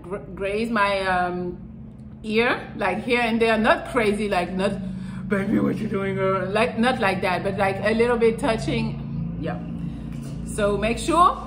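A woman talks through dating advice in a loose, blunt way, swearing freely. Her voice sits a little high, and the room gives it a noticeable echo. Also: fairly bright tone, a little hiss or hum. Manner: frank and profane, acts out little quotes. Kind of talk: casual advice talk to camera.

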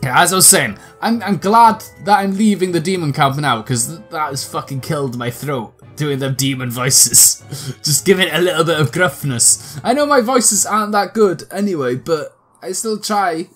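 Sweary gamer guy, throat all scratchy, chatty and jumpy in pitch. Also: animated, moderate pace, fairly bright tone, faint music behind. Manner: sweary, laughing asides, self-mocking. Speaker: let's play host. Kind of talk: casual gameplay commentary.

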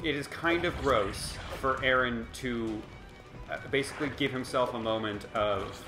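A man riffing as a let's play commentator, his talk meandering and sarcastic before climbing into heated, impassioned argument. His voice rings around a roomy space. Game music plays clearly behind him. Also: medium pitch, measured pace. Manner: sarcastic, rambling, rising to impassioned. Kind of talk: casual game commentary rant.

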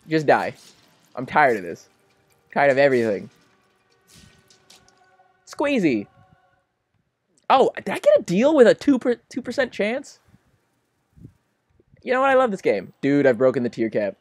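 Young man, let's-play commentator, melodramatic, very lively pitch, dry sound. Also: a little slow, pauses often, no room sound. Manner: excitable, melodramatic, swings between pleading and laughing. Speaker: gaming commentator.

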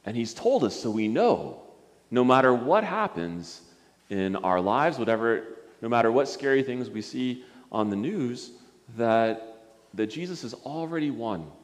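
A man, a pastor, giving a gentle children's sermon, coaxing a puppet and stumbling over restarts as he talks. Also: medium pitch, animated, measured pace. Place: church sanctuary. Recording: long church reverb.

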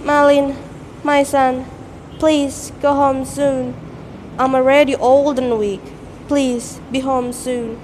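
A woman's voice: sits high, little pitch movement, slow, a little mellow. A young woman voicing a frail, grieving old mother who pleads with her son, in a storytelling performance. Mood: pleading. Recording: echoey hall, faint noise.

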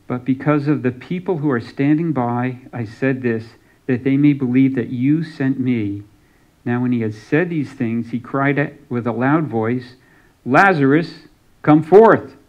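A man's voice: mid-range voice, highs cut off. A man preaching a sermon as pastor, reading scripture aloud and giving some lines dramatic emphasis.

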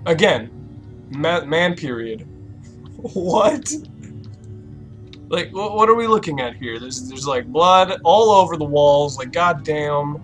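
A young man narrates his horror game playthrough in a bright, forceful, slightly high voice. He swears freely and jumps into loud outbursts when startled. Faint game music plays under his talk. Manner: loud, profane, jumpy reactions. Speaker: gaming YouTuber. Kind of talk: horror let's play commentary.

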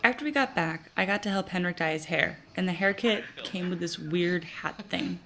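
A woman's voice: on the low side, normal speed, creaky, a bit bright. A young woman, a college student, chatting in a rambling, self-mocking way as she records a casual video letter to a friend from her dorm room. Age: young adult.

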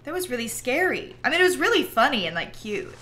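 Animated young woman streamer chatting. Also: high-pitched, fast talker. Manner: chatty and rambling, heavy use of "like"; animated storyteller who breaks into laughter. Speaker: livestreamer. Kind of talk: casual chat while gaming.

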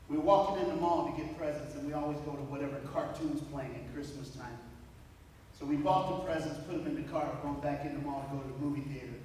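A man's voice: on the high side, steady tone, a little fast, darkish tone, slight background noise. A man giving a motivational talk to students in a large school gym, telling stories with animation and talking straight to the kids. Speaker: motivational speaker. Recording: echoey gym heard from far off.

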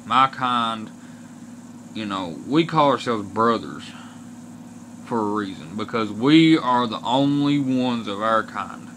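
A young vlogger from Kentucky speaks in a lowish, slightly bright voice, ranting bluntly to camera in an Appalachian accent. He swears often and sounds aggrieved, his words slow and deliberate. Slight background noise is present.

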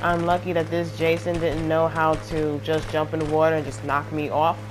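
A woman's voice: deep voice, monotone, normal speed, noisy background. A woman giving casual, rambling commentary over her own gameplay footage, sounding exasperated and using plenty of fillers. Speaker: gaming channel host.

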